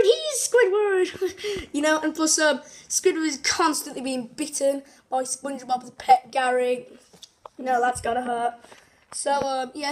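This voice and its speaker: A woman hosting a casual, unscripted countdown video, rambling with many fillers, restarts and small giggles. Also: high voice. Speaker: video host.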